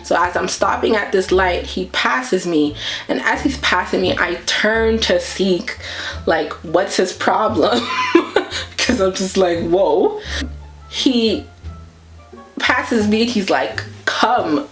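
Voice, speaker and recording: Woman vlogger telling an animated story. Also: medium pitch, slow, roomy sound, faint music behind. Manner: animated retelling that acts out her own reactions. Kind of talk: casual storytime.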